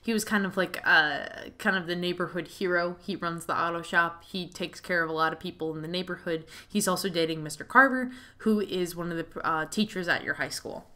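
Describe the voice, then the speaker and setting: A woman's voice: on the low side, fairly quick, few pauses, bright, forceful tone. A woman giving casual, chatty let's play commentary, a bit hesitant. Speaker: game streamer.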